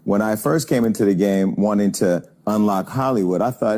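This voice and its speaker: A man's voice: on the low side, fairly quick, hardly any pauses, mellow. A man in his forties hosting an interview, reflective and conversational, relating the guest's words to his own story. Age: 40s.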